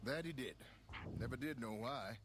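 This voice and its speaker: A man plays a weary, plainspoken drifter with a guitar, talking in a relaxed Texan drawl. His video game character voice sits at an ordinary middle pitch, with a faint hiss behind it. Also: normal speed, natural voice. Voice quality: easygoing drawl. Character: wandering young male guitarist, weary, plainspoken.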